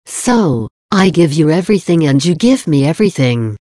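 A woman reading the words of Jesus as a gentle, loving male divine speaker, in a measured, earnest devotional reading. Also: sits low, big pitch swings, dry recording, clean studio sound. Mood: tender.

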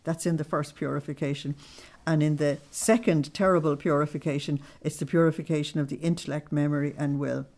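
Woman, deep low voice, religious teacher, measured and explanatory with small-group listeners. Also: fairly even intonation, darkish tone. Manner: measured, explaining with plain everyday examples.

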